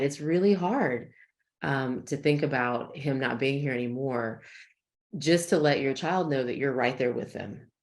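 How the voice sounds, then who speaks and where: Brief: deep-voiced woman psychologist, calm and reassuring, talking over a video call. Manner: warm, reassuring, measured explanations. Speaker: psychologist guest. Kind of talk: expert interview, conversational.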